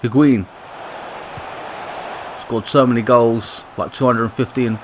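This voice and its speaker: Gaming commentator, male, middle pitch, chatty with sudden excited bursts, light noise under the voice. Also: measured pace, long pauses. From Britain. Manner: excitable bursts on attacks, chatty asides and self-corrections. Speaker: gaming YouTuber commentating a football sim. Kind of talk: casual play-by-play game commentary.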